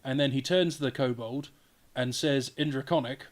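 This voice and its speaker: A man's voice: mid-range voice, moderate pace. A man narrating as game master of a tabletop game, casual and sweary.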